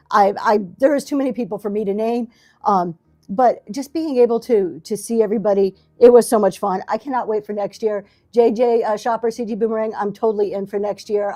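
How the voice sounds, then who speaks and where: A woman's voice: medium pitch, mellow. A middle-aged woman hosting a casual livestream from her basement, rambling and encouraging, with lots of fillers and restarts. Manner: rambling, self-deprecating, encouraging, many fillers. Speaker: livestream seller and talk show host. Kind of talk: casual livestream chat to viewers. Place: home basement. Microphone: camera in front of her.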